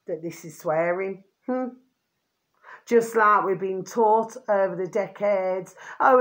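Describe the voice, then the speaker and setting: A middle-aged woman, talking to camera in a rambling, casual monologue. She keeps repeating a pet phrase and swears freely. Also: lowish voice. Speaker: vlogger.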